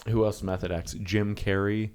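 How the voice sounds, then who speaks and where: A man with a low, deep voice, co-hosting a podcast. He trades dry, deadpan jokes in relaxed, casual banter. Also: moderate pace, smooth. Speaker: podcast co-host. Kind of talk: casual chat.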